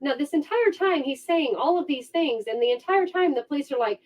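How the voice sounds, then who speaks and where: A woman vlogger telling a true crime story casually, with an animated, sarcastic manner, on a dull lo-fi recording. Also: sits high, fairly quick, few pauses. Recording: dull lo-fi sound.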